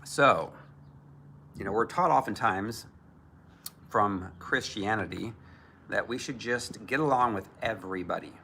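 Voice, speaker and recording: A man's voice: fairly low pitch, measured pace, vocal fry, long pauses, sharp tone, a little hiss or hum. A man preaching as a Christian minister, emphatic and often mocking others in put-on voices. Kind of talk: preaching to camera.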